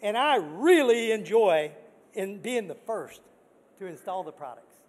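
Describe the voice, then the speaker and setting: An older man giving an earnest, excitable award acceptance speech, repeating words for emphasis. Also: high-pitched, a little slow. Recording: long reverb of a large hall.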